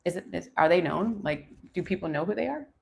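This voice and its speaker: A woman's voice: fairly low pitch, animated, fast talker, gravelly, a little hiss or hum. A woman in her forties doing a live tarot reading, musing aloud as she turns the cards and talks to viewers. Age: 40s. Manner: musing, thinking aloud between card pulls. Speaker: tarot reader.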